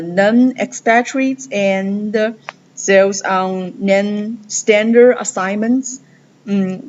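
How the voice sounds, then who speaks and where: Woman doing a class presentation, slow and halting, muffled lo-fi recording. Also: mid-range voice. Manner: halting, many pauses and restarts. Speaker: student presenter. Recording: dull lo-fi recording with faint noise.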